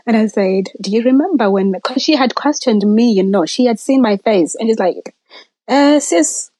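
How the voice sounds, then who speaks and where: A woman's voice: a little high, moderate pace, darkish tone, no echo, poor audio. A woman guest telling a personal story, acting out quoted voices and dropping to near-whispers.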